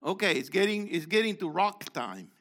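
Older man preaching, high bright voice, lively pitch, quizzes the congregation. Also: moderate pace. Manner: questions the congregation, calls on people by name; shifts between loud exhortation and low asides. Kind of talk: interactive sermon.

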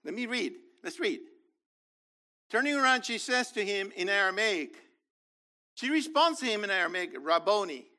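Man, bible teacher, animated, swooping intonation, sharp bright tone. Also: high voice, normal speed, pauses often. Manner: enthusiastic, explains as he reads scripture aloud.

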